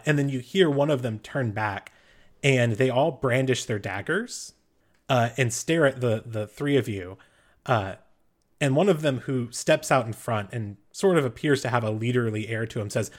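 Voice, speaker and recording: A man's voice: mid-range voice, normal speed. A man as game master, narrating a tabletop game in a loose, improvised way.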